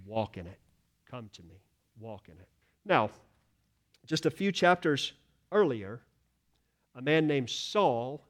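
A man preaches in a church sanctuary, his voice sitting high for a man. He drives his points home with emphatic declarations, then drops to hushed, quiet lines. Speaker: pastor. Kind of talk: sermon.

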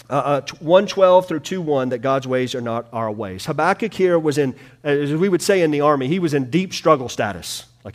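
A man delivers a sermon to a small gathered congregation. His voice sits slightly high and moves with wide, lively swings of pitch. He drops to near-hushed tones and then surges back up with force. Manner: animated preaching, swinging from hushed to loud. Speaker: pastor. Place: room with a small in-person congregation.

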